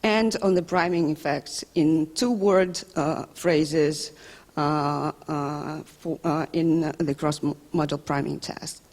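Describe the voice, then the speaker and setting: A woman's voice: deep voice, steady tone, takes it slowly, a little mellow. A woman researcher giving an academic conference talk, hesitant and full of filler sounds and restarts. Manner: self-deprecating asides. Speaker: linguistics researcher presenting a study. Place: lecture hall. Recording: long hall reverb.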